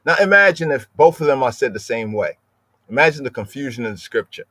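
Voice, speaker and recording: A man's voice: medium pitch, lively intonation, fast, pushed and bright, no room sound. Man, scripture study host, explanatory, repeats words, dry close voice. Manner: explanatory, keeps adding "right?" and repeats words; lingers over word pronunciations. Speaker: podcast host teaching scripture. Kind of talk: live-streamed scripture study.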